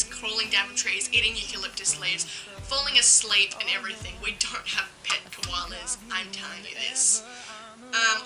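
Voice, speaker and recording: Chatty bright Australian young woman. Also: a little high, low-quality recording. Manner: chatty, indignant, lots of "um" and "like". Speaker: vlogger. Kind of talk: casual vlog monologue.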